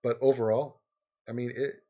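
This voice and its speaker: A man's voice: mid-range voice, flat delivery, moderate pace, lo-fi sound. A man hosting a livestream, rambling sarcastically in casual chat and game commentary, often laughing. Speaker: livestream host.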